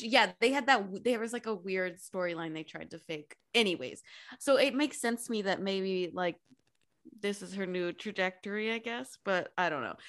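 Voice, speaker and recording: A woman's voice: mid-range voice, a bit bright. A woman co-hosting a podcast, chatting in a gossipy way and swearing freely. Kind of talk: casual chat.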